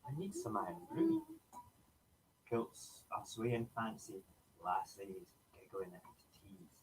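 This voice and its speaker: A man's voice: on the low side, huge pitch swings, slow, slight background noise, heavily acted, low-quality recording. A man voicing a jolly Scottish man at a ceilidh dance, reciting a rhyming poem in a put-on Scottish accent with a sing-song lilt. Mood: merry.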